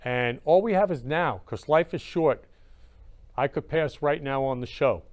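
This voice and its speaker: Man, show host, casual livestream talk, smooth resonant voice, effusive and repetitive. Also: a little high, measured pace. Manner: effusive, repeats "love you" often.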